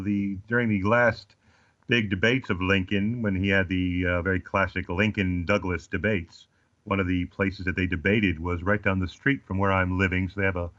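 With a low-sitting, sharp-toned voice, a forties-aged Australian guest trades comic stories in relaxed conversation, his jokes delivered dryly. There's no echo, but the lo-fi audio is slightly dull.

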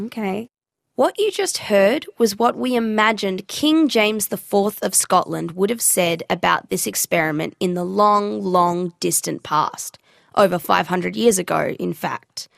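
A woman's voice: medium pitch, unhurried, gravelly, no room sound, studio quality. A woman hosting a scripted podcast in a playful, teasing way. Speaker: podcast host.

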